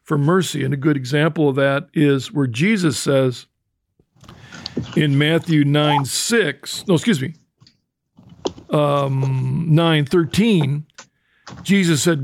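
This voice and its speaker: An older man hosting a talk program, explaining scripture in a thoughtful way, often restarting and slowing down for quotations. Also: fairly high pitch, creaky, no room sound, clean studio sound. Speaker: host. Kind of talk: conversational teaching talk.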